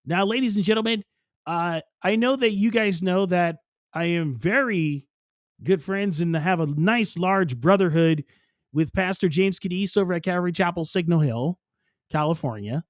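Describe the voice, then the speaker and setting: A man with a high voice hosts a live radio talk show, speaking in a casual, rambling way that often repeats itself. His voice is recorded very dry and close, with no room sound at all. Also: moderate pace, no room sound. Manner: loose, repetitive, offhand.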